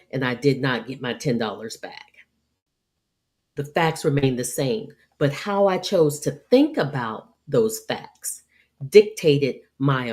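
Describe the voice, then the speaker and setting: Woman, low voice, middle-aged, calm measured talk, leadership advice, acts out small scenes. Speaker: podcast host and leadership speaker.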